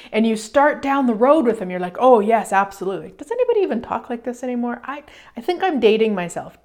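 A woman hosting a radio show, giving a casual motivational talk in an animated way, acting out little quoted exchanges and swearing now and then. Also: a little high.

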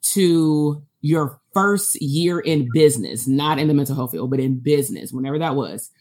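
A woman's voice: low-pitched, animated, normal speed, darkish tone. A woman hosting a podcast, chatting and coaching in a casual interview. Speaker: podcast host.

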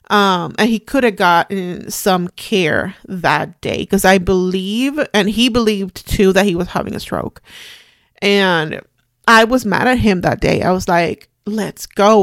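A woman in her forties, hosting a podcast, telling a personal story in a somber, reflective and halting way. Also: medium pitch, no echo, clean studio sound. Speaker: podcast host.

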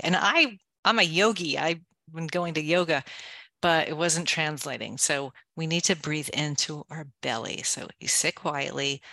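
A woman author, a guest on an interview show, explaining things in an energetic, practical way and walking through simple steps one at a time. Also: low voice, no room sound. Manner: energetic, gives practical step-by-step guidance; self-described go-go person. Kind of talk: conversational advice in an interview.

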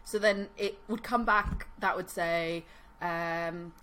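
A woman's voice: on the low side, fairly even intonation, slow, sharp tone. A woman co-hosting a podcast, chatting casually with many fillers and frequent giggles. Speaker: podcast co-host. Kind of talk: casual chat.

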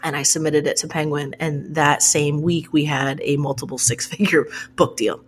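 A woman author, a guest on a podcast, telling stories in a casual, animated, sweary way and laughing often. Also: sits low, normal speed, a little hiss or hum. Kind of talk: casual interview chat.

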